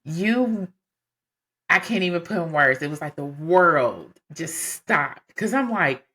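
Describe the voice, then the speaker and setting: A woman with a low voice tells a personal story in a relaxed, conversational way. She talks casually and animatedly, filling gaps with "um" and "you know." It sounds like a podcast host speaking straight to her listeners. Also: takes it slowly, breathy edge.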